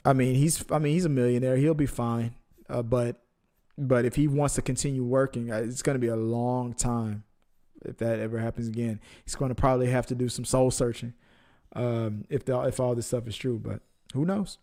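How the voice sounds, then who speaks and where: A man's voice: mid-range voice, fairly even intonation, moderate pace, warm tone. Guy cohosting a movie podcast, rambly and jokey, talks over himself a lot. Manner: jokey, rambling, self-correcting. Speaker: podcast co-host. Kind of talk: casual movie news chat.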